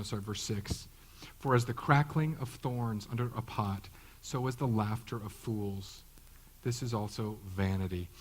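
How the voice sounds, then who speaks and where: A man's voice: lowish voice, darkish tone, a little hiss or hum, poor audio. A man in his thirties, a pastor giving a conversational sermon, joking and acting out the voices he quotes. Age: 30s.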